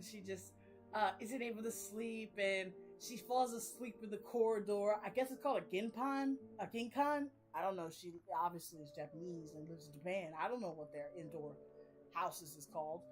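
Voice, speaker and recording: A young woman chatting casually about her reading. She rambles, uses slang and laughs often. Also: medium pitch. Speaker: reading vlogger. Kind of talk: casual chat.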